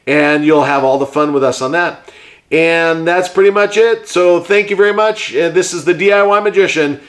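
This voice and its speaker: A man's voice: on the high side, normal speed. A man hosting a hands-on craft tutorial, chatting and explaining each step while he works with his hands. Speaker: host and puppet maker.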